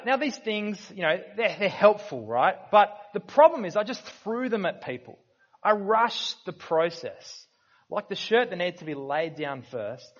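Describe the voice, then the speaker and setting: A man's voice: high-pitched, dull audio. A man preaching a sermon as pastor, earnest and conversational, often restarting his sentences.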